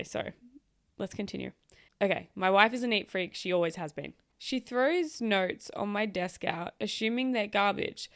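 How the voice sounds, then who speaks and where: A young woman hosts a casual podcast, reading stories aloud and breaking in with sarcastic, chatty remarks. Her voice sits at an ordinary pitch and is close to the mic. The sound is dry, with no room echo. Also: a bit bright. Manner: chatty, sarcastic asides, swears, laughs easily. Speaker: podcast host.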